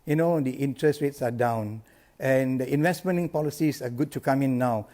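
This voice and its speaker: A man's voice: medium pitch, moderate pace. A middle-aged man, coaching insurance agents in an emphatic, motivational live talk. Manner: energetic, emphatic, repeats key lines.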